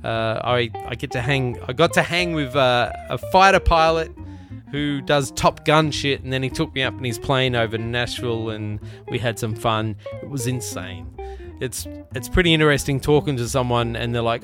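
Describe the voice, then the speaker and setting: A man's voice: medium pitch, normal speed, over music. A man with an Australian accent hosting a podcast in loose, rambling casual chat, swearing freely and joking around. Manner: loose, profane, rambling and jokey. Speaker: podcast host.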